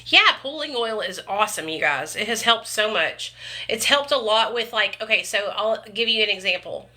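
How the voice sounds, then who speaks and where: A woman's voice: mid-range voice, expressive, moderate pace, sharp tone. A woman chatting casually to her livestream viewers, calling them honey and y'all. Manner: chatty, frequent "you guys" and "y'all", calls viewers honey and baby. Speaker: vlogger chatting with live viewers.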